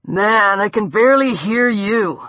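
A woman's voice: a little high, animated, takes it slowly, a bit bright, dry recording. An impatient teenage boy whines through a muffling hood, cold and eager to get going, voiced by a woman narrating a storybook. The sound is dull and dry. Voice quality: muffled, whiny.

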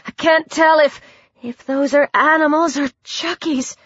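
A woman's voice: sits high, steady tone, measured pace, a bit bright, dry recording, pitched above the performer's own voice. A woman voicing a nervous but protective teenage boy in an audiobook, urgent and shaky, in a dry, dull recording.

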